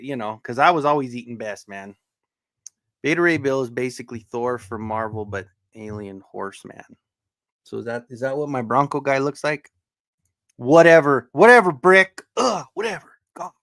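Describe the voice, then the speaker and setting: A man's voice: mid-range voice, fairly bright tone, no room sound, clean studio sound. A man from Southern Colorado hosting a livestream, greeting his chat in a loose, joking way with casual swearing. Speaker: livestream host.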